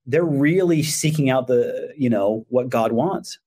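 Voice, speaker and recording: A middle-aged man, a religion teacher, telling animated anecdotes in an interview and acting out the voices of the people in them. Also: mid-range voice, a little slow, husky. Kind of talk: conversational storytelling.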